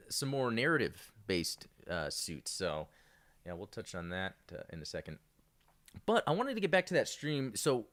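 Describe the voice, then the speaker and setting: A man hosting a casual live-streamed podcast, rambling with many fillers and restarts. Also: mid-range voice. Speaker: podcast host.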